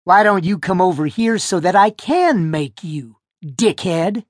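A man's voice: high voice, measured pace, no room sound, studio quality. A man voicing a brash, foul-mouthed young schoolboy who taunts a bully. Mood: taunting. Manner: cocky, taunting.

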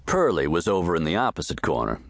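Deep, dry male audiobook narrator. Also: big pitch swings, fast talker, gravelly, no echo. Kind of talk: scripted narration of a western novel.

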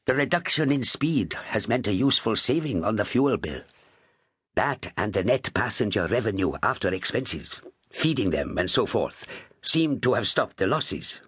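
A man's voice: fairly low pitch, sing-song, normal speed, fairly bright tone, breathy edge, dry recording, clean studio sound, full character voice. A man voicing a small, polite and anxious shipping agent in an audiobook. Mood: courteous. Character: small fussy Indian shipping agent, middle-aged. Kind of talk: audiobook character voice.

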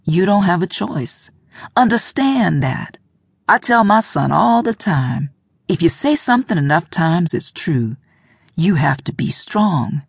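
A woman's voice: lowish voice, very animated, measured pace, gravelly, husky, no room sound, studio quality, heavily acted. A woman voicing a middle-aged mother who urges and coaxes in a firm, insistent way. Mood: urging.

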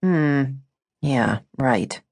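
A woman's voice: rumbling low, expressive, extremely slow, creaky, darkish tone, exaggerated voice. A woman voicing a blunt, skeptical woman who teases her friend, in an audiobook. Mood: wry. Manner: dry, teasing, skeptical.

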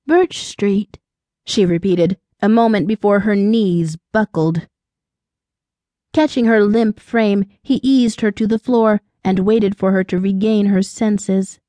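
A woman narrating a romance audiobook in a measured, even storytelling voice of middle pitch. The recording is close and dry, with no room sound. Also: no room sound.

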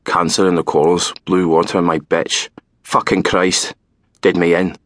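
A man's voice: sits low, level tone, measured pace, a bit bright, no echo, studio quality. A man doing a paranoid Scottish man. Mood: bitter muttering. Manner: muttering, spitting insults, hissing. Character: scrawny, paranoid, foul-mouthed Scottish man.

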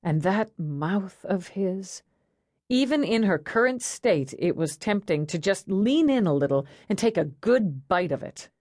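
Expressive woman audiobook narrator. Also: mid-range voice, unhurried, dry recording, clean studio sound. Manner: wry, expressive storytelling. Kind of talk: scripted narration.

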